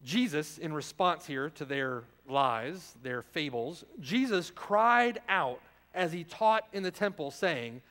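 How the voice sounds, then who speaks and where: A man preaching a sermon as pastor, firing rhetorical questions and swinging between loud emphasis and hushed lines. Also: a little high, lively intonation, slow pace, few pauses. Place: church sanctuary. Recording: long reverb of a church hall.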